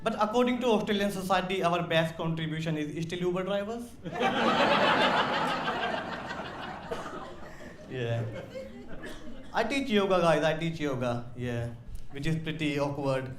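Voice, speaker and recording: A man from India with an Indian accent, doing a slow, deadpan stand-up comedy set on a club stage. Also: on the high side, a little hiss or hum. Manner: slow, deadpan delivery with crude punchlines. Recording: roomy live club sound with audience.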